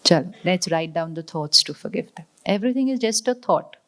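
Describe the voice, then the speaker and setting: A woman, a spiritual teacher giving a motivational talk to an audience. She repeats her lines, asks the audience questions and slows down for emphasis. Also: lowish voice, expressive, fairly bright tone.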